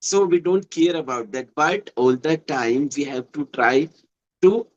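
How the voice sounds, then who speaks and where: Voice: mid-range voice, lively intonation, a little slow, dull audio. A speaker with an Indian English accent explaining earnestly in casual conversation practice, repeating points. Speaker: conversation partner.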